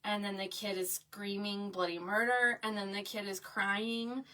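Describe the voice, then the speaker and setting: A woman's voice: mid-range voice, level tone, unhurried, bright, forceful tone. A woman, telling a chatty story to viewers while she makes a craft piece. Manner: chatty, addresses viewers as y'all, frequent "okay?". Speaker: craft video host. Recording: voice a bit far from the mic.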